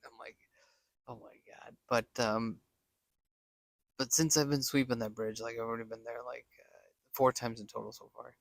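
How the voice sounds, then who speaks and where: A man with a gravelly, fry-laced voice tells a personal story in a loose, rambling way. He leans on fillers and restarts, and sinks almost to a whisper when he quotes his own worries. The recording is dry and close, with no room sound. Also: medium pitch, level tone, moderate pace, pauses often, dry recording. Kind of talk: casual spoken story. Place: Las Vegas.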